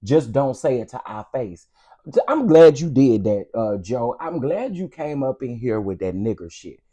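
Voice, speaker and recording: A man's voice: mid-range voice, lively intonation, moderate pace. A man hosting an online commentary show, ranting emphatically and sassily. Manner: loud, emphatic, sassy.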